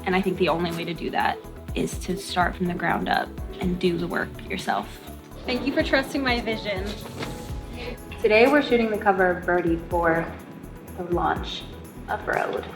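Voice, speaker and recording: A woman's voice: on the low side, moderate pace, over music. A young woman in her twenties, a brand founder, talking casually and openly emotional in a personal vlog.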